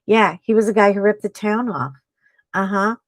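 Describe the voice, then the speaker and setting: A woman's voice: medium pitch, moderate pace, no echo. A woman hosting a live stream, chatting casually with viewers while she crafts. She rambles, laughs often and trails off mid-sentence. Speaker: livestream host.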